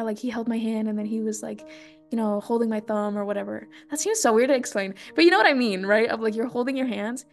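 A young woman hosting her podcast, talking in an earnest, chatty way with lots of fillers and soft asides. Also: on the high side. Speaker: podcast host. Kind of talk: casual personal monologue.

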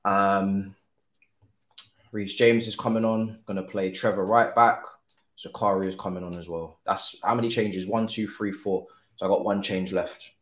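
A young man, commentating live on his own football video game, excitable and cursing at the players. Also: on the low side, normal speed. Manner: excitable, shouts and swears at the players. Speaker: gaming streamer. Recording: echoey room.

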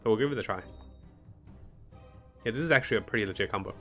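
A man's voice: on the low side, quick pace, bright, forceful tone, faint music behind. A man streaming a strategy game, thinking his moves aloud, greeting viewers and chuckling often. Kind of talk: live gameplay commentary.

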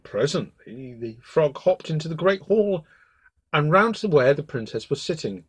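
A male storyteller reads a classic fairy tale aloud for bedtime. His voice is husky and breathy, and his pitch moves expressively up and down as he narrates. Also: very animated, moderate pace.

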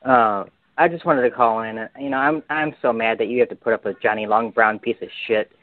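A man's voice: medium pitch, fairly even intonation, brisk. Hesitant male caller on a phone line. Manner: hesitant then insulting. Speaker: prank caller. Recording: dry tinny phone line.

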